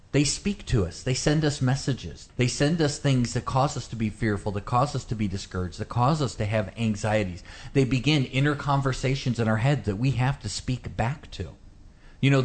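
A man who is a pastor, earnestly preaching on a Bible passage during a radio discussion. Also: medium pitch. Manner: earnest and animated, shifts to a hushed gentle voice when quoting God.

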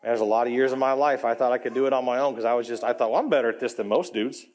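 A man preaching a lively sermon as pastor, swinging between loud, high lines and quiet, low asides. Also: racing. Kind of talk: energetic sermon.

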